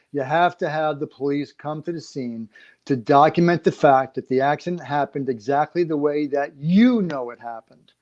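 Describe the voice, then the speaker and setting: A man's voice: fairly high pitch, a little mellow, dull audio. A middle-aged male attorney giving plain, practical advice on a live show. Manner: plain-spoken, advising.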